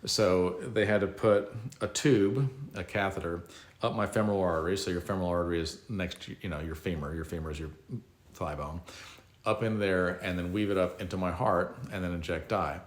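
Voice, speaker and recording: Brief: middle-aged man, very low voice, casual self-deprecating storyteller, echoey room. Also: steady tone, a little fast. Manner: conversational, self-mocking, reflective.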